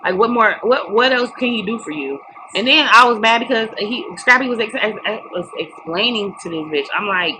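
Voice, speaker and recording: A woman's voice: on the high side, animated, moderate pace, few pauses. A young adult woman giving a casual, opinionated reality TV recap in a blunt, emphatic, profane way. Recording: noticeable background noise.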